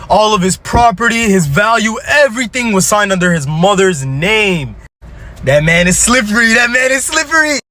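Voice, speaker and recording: A man's voice: high voice, sharp tone. A man delivering hyped, mocking gossip commentary in short punchy lines. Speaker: social media commentator.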